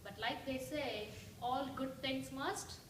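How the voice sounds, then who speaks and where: This woman's voice sits high and her delivery is slow. As a guest at a church, she shares a devotional story and puts questions to the crowd, recorded distantly in an echoing hall with a faint hiss or hum.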